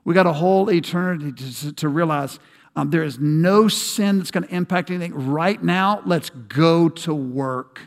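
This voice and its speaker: Pastor, male, fairly high voice, conversational sermon delivery that climbs to emphatic peaks, long reverb. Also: normal speed.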